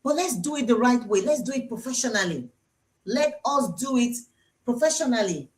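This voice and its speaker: A high-voiced Nigerian woman dentist talks to her viewers on a live stream. Her pitch swings widely as she teases them and hammers home her advice. She repeats the main points over and over. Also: animated, normal speed. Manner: chatty, teasing, repeats key points for emphasis. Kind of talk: live-streamed health talk. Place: dental clinic.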